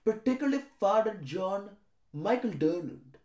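A young man speaking in an earnest, calm and measured way, at times halting, recorded in an echoey room. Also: high-pitched. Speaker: aspiring seminarian.

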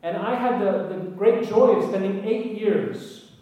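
A man with a high voice gives an anecdotal talk to an audience, earnest, with emphatic lists and wry asides. He sounds distant from the microphone, and a strong echo of a large hall rings around each phrase. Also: measured pace, mellow. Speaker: speaker addressing an audience. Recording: echoey hall, voice from far off.

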